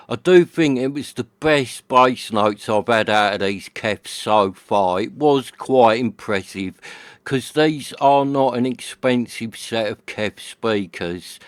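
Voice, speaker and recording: A man's voice: on the low side, smooth, no echo. A man from the UK, a hifi vlogger telling a chatty, slangy story about his night at home. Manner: chatty, slangy, acts out his friend's and his own lines. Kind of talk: casual storytelling monologue. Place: home living room.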